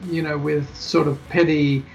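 A man's voice: on the high side, flat delivery, moderate pace, vocal fry, slight background noise. A male film director guest, talking casually and rambling with many restarts in a podcast interview. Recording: dull lo-fi podcast audio.

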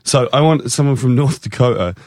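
An Englishman with a lively, swooping voice tells stories against himself, swearing freely in casual chat. His voice sits at an ordinary pitch for a man and sounds dry and close to the mic. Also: brisk, dry recording. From England. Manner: self-deprecating storyteller, swears freely. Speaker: guest musician.

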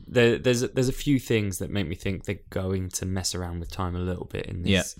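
Man, thoughtful, chatty podcast co-host, slightly low voice. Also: fairly even intonation, brisk. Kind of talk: casual chat.

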